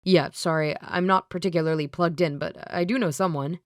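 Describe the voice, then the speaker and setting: A woman's voice: lowish voice, steady tone, brisk, no room sound, clean studio sound, natural voice. A woman voicing a polite, earnest young man in an audiobook.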